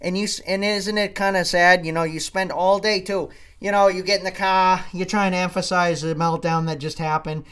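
A comedic storyteller from Maine launches into a profane, exasperated rant, swearing and often repeating himself. His voice is high, clear and resonant with a fairly bright tone and little pitch movement. He talks at normal speed with few pauses.

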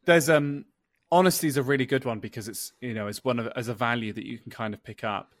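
A man's voice: mid-range voice, quick pace, dry recording. Chatty man hosting a podcast. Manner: chatty storyteller who acts out quoted dialogue. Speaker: podcast host. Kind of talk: casual podcast chat.

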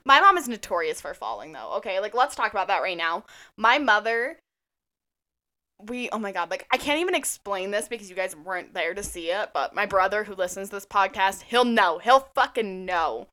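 Bright-voiced teasing young woman. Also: medium pitch, fairly quick. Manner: animated, swearing, teasing storyteller. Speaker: podcast co-host. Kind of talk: casual chat.

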